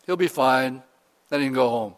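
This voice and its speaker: A man voicing a calm, unbothered prophet who speaks in an easygoing, offhand way. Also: medium pitch, normal speed, long reverb tail, close to an everyday voice.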